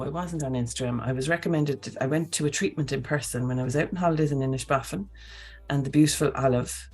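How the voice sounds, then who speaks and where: Husky low-voiced woman chatting. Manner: animated, chatty, frequent okay and right tags. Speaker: host. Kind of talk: casual live talk.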